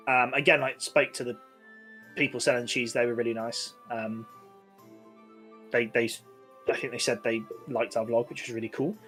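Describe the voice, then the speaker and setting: A man's voice: mid-range voice, steady tone, normal speed, long pauses, bright, forceful tone, faint music behind. A man, co-hosting a podcast and telling a rambling story full of fillers. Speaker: podcast co-host. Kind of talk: casual chat.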